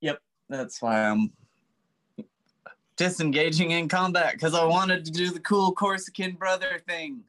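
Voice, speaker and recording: Brief: male game master, bright forward tone, casual joking delivery. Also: a little high, unhurried. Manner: relaxed, joking rulings. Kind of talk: running a tabletop game.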